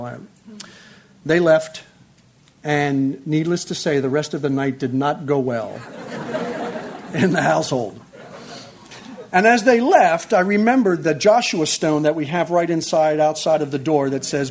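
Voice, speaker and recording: High-voiced man telling a lively testimony. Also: moderate pace, a faint crowd. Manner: lively, acts out quotes, laughs often. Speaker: speaker sharing a testimony. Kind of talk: animated storytelling testimony.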